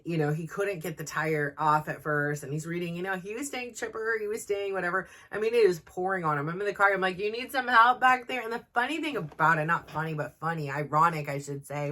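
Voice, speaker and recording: A middle-aged woman hosting a podcast, telling a personal story in a chatty, animated way with lots of fillers. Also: lowish voice. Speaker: podcast host. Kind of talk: casual storytelling monologue.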